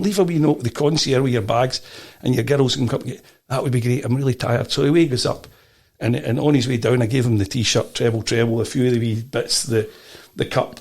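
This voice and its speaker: A middle-aged Scottish man chats as a podcast guest, his voice gravelly and rough at the edges. He tells long stories in an animated way, stumbling over restarts and doubling his words. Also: mid-range voice, fast. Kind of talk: casual storytelling interview.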